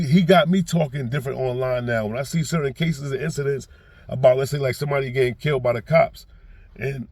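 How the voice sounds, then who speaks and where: Gravelly, husky New York man. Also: medium pitch, no room sound. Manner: rambling, with repeated restarts; gets loud and heated when acting out quotes. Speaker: reaction vlogger. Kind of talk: casual commentary monologue.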